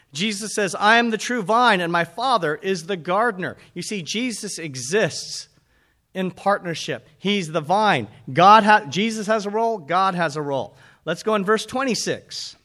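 Preaching with energy, this pastor calls out to the people in his congregation. He has a high voice and speaks at a moderate pace.

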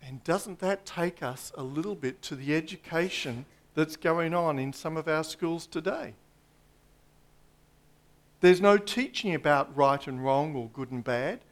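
A man preaching a sermon in a slow, emphatic way, pausing for effect and dropping his voice low on key points. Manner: slow, emphatic preaching with dramatic pauses and drops to a hush.

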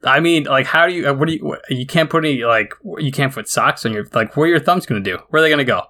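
Bright-voiced, teasing male podcast host. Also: mid-range voice, quick pace. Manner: teasing, playful banter. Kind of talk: podcast chat.

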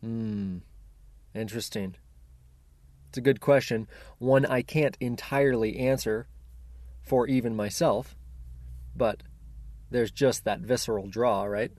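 A man's voice: medium pitch, unhurried, long pauses, no room sound. A chatty, personable man from Central Oregon, casually telling a story to his viewers. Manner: chatty, personable, lively retelling. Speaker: paraglide pilot vlogger.

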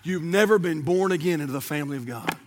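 A middle-aged male pastor preaching a sermon, swinging from shouts to near whispers. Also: on the high side, fast. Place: church sanctuary.

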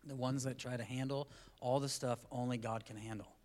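A man preaching a sermon as the pastor at a church service, in a conversational style that swings between quiet asides and loud, emphatic lines. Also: mid-range voice, fairly even intonation, a little fast.

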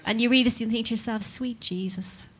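A woman's voice: a little high, little pitch movement, rapid-fire, slight background noise. A woman performing a stand-up comedy set, sardonic and mock-outraged, building into rants.

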